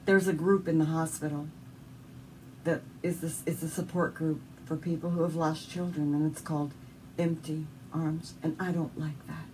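Deep and mellow, this Southern US woman's voice has a flat delivery and moderate pace as she earnestly relates an emotional personal story during an interview. Recorded from a distance, there is faint background noise.

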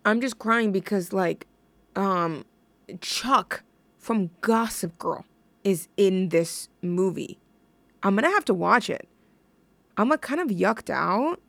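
A woman's voice: medium pitch, lively intonation, slow pace, creaky, long pauses, a bit bright, no echo. A young woman hosting a music radio show, chatting casually in a giggly, rambling way that keeps interrupting itself. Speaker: radio host. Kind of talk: casual chat.

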